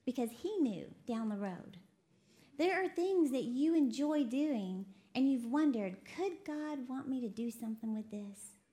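A woman from Texas preaching a lively sermon, laughing often and quoting voices as she talks. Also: high voice, a little slow. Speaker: preacher co-hosting a broadcast. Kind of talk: sermon to a women's audience.

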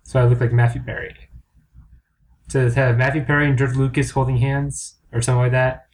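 A man's voice: medium pitch, flat delivery, brisk, slight background noise. A man co-hosting a comedy podcast in casual chat, rambling, crude and self-mocking. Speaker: podcast co-host.

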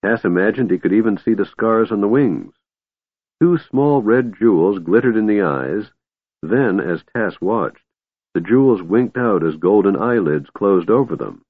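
A man reading a fantasy audiobook as an expressive storyteller, on a tinny, dry recording. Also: fairly low pitch, measured pace, slightly rough, dry recording. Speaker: audiobook narrator. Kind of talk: scripted audiobook narration.

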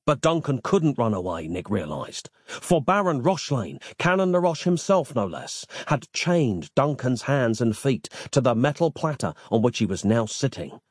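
A man narrating a fantasy audiobook in an expressive, theatrical storytelling manner. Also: medium pitch, normal speed, hardly any pauses, slightly rough, no room sound, clean studio sound.

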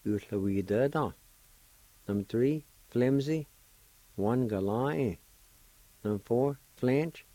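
Middle-aged man, radio language teacher, dark mellow tone, dry close sound, spells words out slowly. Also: mid-range voice, dry recording. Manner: slow, careful, syllable by syllable.

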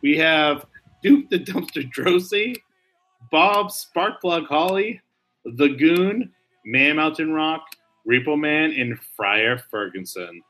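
A lively man co-hosting a casual podcast, with a bright, forceful edge in his voice and a pitch that sits a little high. He is excitable and laughs often, throwing in quick asides. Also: soft background music. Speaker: podcast co-host. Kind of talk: casual podcast chat about wrestling.

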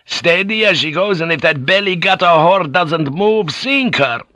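A man's voice: mid-range voice, moderate pace, fairly bright tone, no echo, lightly acted. A man voicing a blunt, foul-mouthed male ship's pilot who talks in crude oaths. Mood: bellowing. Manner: crude, oath-laden, scornful.

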